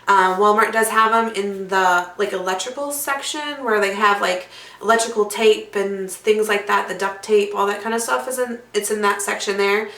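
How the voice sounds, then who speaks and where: Chatty woman with a bright, echoey sound. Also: medium pitch, steady tone, moderate pace. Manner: chatty and bubbly, with many fillers and asides. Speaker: craft video host. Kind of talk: casual craft tutorial. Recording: echoey room, mic at a distance.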